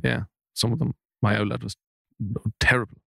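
A man playing a comedy panel guest, telling absurd stories deadpan. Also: mid-range voice, normal speed, creaky, no echo, clean studio sound. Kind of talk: deadpan comic banter.

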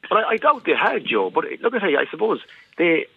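Fast, lively Irish man on muffled radio. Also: a little high, vocal fry, slightly rough. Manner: plain-spoken, hesitant restarts. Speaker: radio guest. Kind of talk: casual radio chat.

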